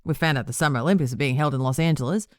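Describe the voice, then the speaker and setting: A woman's voice: extremely low pitch, very fast, dry recording, clean studio sound. A woman voicing a smug, boastful male warlock leader in an audiobook, talking down to others in a casual, patronizing way. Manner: patronizing, casual and self-satisfied. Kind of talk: audiobook character reading.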